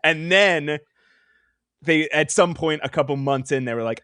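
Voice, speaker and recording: A man's voice: on the high side, a little slow, a bit bright, smooth, no echo, studio quality. A man co-hosting a podcast in a playful, casual chat, laughing often. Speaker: podcast co-host.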